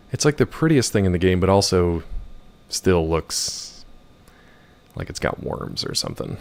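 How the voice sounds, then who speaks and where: A hoarse man chatting casually and joking with viewers while he plays a video game. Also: sits low, big pitch swings, normal speed, a little mellow. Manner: joking, rambling, chats with viewers. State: hoarse from yelling. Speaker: gaming streamer. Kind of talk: casual gameplay commentary.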